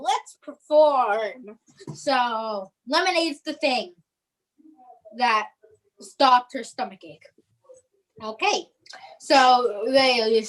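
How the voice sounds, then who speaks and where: A woman's voice: fairly high pitch, a bit bright, distant mic, poor audio. A young woman casually retelling a movie plot as co-host, with lots of fillers and restarts. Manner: rambling, filler-heavy retelling. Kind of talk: casual chat.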